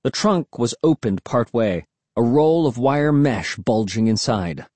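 Husky guy reading an audiobook, lively up and down voice, dry close sound. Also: mid-range voice, unhurried, dry recording. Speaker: audiobook narrator. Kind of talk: first-person storybook narration.

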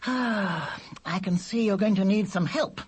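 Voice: mid-range voice, a little slow, slightly rough, voice pushed up. Reader voicing a dry know-it-all baby boy. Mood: teasing. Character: clever talking baby boy, dry and patient. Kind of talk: audiobook character voice.

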